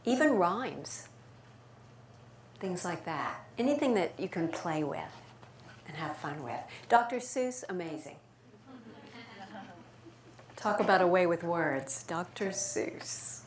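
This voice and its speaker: A woman voice coach answering audience questions at a talk, lively and playful as she demonstrates speech patterns. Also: fairly low pitch, slow, long pauses. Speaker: speaker and voice coach. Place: event room with audience. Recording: echoey room, faint noise.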